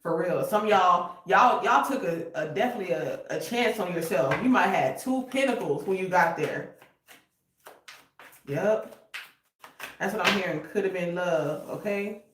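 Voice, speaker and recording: A woman's voice: lowish voice, lively intonation, a little slow, recorded from a distance, background noise. A woman reading tarot, casual and emotional, cursing freely and sometimes breaking into song. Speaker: tarot reader. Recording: roomy echo, voice a bit off-mic.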